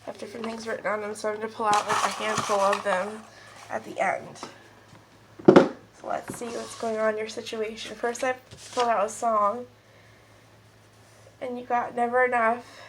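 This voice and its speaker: Woman tarot reader, slightly high voice, stuffy nose, rambling and chatty with viewers. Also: flat delivery, normal speed, pauses often, noisy background. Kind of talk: casual pick-a-card tarot reading. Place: at home with kids and a puppy nearby.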